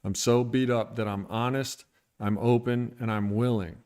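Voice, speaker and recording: A man speaks straight to his stream audience in an irritated, venting mood, blunt and sometimes profane. His voice is smooth and resonant, sitting at an ordinary middle pitch. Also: steady tone, moderate pace, a little mellow. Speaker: recovery streamer. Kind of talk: candid livestream monologue.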